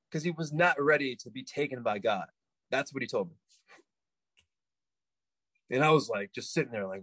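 A man as a podcast guest telling a story in a rambling, animated way, with many restarts. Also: fairly high pitch, normal speed, long pauses, slightly rough, no room sound, rough recording. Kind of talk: casual anecdote telling.

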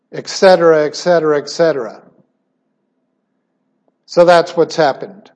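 A middle-aged male preacher with a high voice, delivering a sermon at an unhurried pace. He talks emphatically, jumping from loud stressed words down to quiet asides. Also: steady tone. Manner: emphatic, with sudden swings in pitch and loudness.

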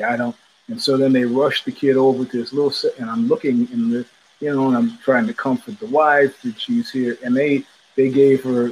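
A man hosting a podcast, telling a story in a loose, animated way and acting out the voices of the people in it. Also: medium pitch, a little hiss or hum, poor audio. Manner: animated, profane, acts out quoted voices. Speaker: podcast host. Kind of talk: casual storytelling monologue. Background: child heard in the background.

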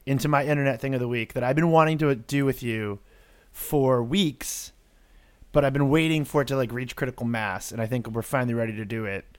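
A man's voice: mid-range voice, steady tone, clear, resonant tone, no room sound. Rambling man podcast host. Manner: rambling, quick asides. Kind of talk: casual chat.

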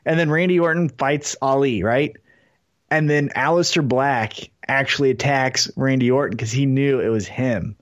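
A man co-hosting a podcast, chatting casually and excitedly about wrestling, swearing often and acting out scenes he pitches. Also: moderate pace. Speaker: podcast co-host.

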